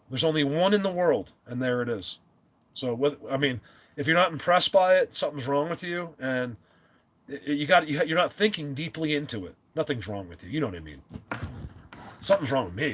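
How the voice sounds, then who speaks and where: A man hosting a live stream, chatting casually and rambling, often clearing his throat and restarting his sentences. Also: fairly high pitch, fairly bright tone.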